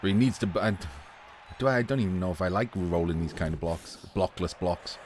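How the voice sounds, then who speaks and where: A man's voice: sits low, fairly quick, a little mellow, slight background noise. Chatty, laughing male game commentator. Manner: chatty, laughs often, swears casually. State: voice getting a little hoarse. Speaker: esports commentator. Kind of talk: casual live video game commentary.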